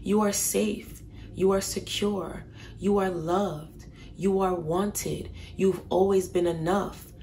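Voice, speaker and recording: A woman voicing a gentle parent comforting a crying child, speaking softly and reassuringly in a low, quiet voice. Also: fairly even intonation, slow pace, slight background noise. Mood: soothing. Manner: soft, hushed, reassuring.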